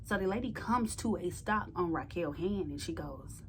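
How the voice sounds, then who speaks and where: A woman telling a story to camera in an informal, slangy way, growing loud and emphatic when worked up. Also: on the low side, lively intonation, moderate pace, slight background noise. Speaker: storytime vlogger. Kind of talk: casual storytelling.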